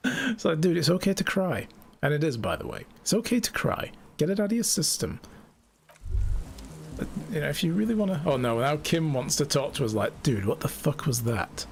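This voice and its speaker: A man's voice: fairly high pitch, normal speed, gravelly, slight background noise. A man streaming a video game, joking around and reading its lines aloud. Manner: animated, jokey, reads game lines aloud. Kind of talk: let's-play commentary.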